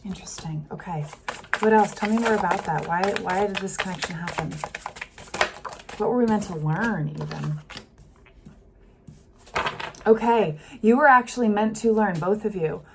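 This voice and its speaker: A woman giving a casual tarot reading, talking gently and thinking aloud with many fillers. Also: medium pitch, normal speed, pauses often. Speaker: tarot reader. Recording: faint street noise behind.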